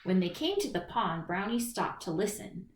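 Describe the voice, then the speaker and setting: A woman reading a children's picture book aloud in an expressive storytelling manner, in a roomy recording. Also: medium pitch, normal speed. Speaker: storybook reader. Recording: roomy echo.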